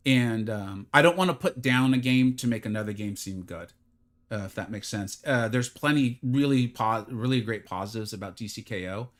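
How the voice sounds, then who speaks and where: A man streaming a mobile fighting game live, chatting casually with his viewers, joking at his own expense, and sometimes slipping into a mock infomercial pitch. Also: moderate pace. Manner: chatty, self-deprecating, bursts into mock infomercial hype. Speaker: gaming streamer.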